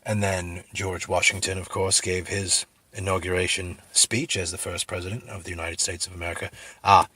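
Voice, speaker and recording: Give me a middle-aged man with a deep, husky voice, rambling through a joke story. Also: moderate pace, no room sound. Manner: rambling, filler-heavy, deadpan, then sincere. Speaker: comedic video host.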